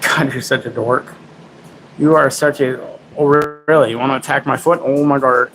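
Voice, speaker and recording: A man's voice: medium pitch, fairly even intonation, normal speed, a bit bright, slight background noise, poor audio. A man hosting a casual livestream from home, rambling, mocking himself and baby-talking to his dog. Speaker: livestream host.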